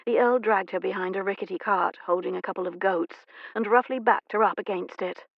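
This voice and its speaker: Gravelly woman narrating an audiobook. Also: mid-range voice, a little fast, dry recording. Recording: dry, slightly dull studio recording.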